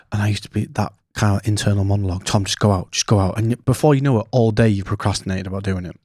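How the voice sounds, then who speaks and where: A man's voice: fairly low pitch, dark tone, no room sound. A man hosting a podcast in a studio, chatty and casual, swearing now and then. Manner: chatty, swears casually, acts out his inner voice. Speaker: podcast host. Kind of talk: casual interview chat.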